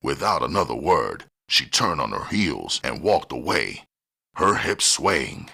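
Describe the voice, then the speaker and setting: Very deep, gravelly male audiobook narrator. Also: unhurried. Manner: steady, plain reading with gritty dialogue. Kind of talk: scripted narration.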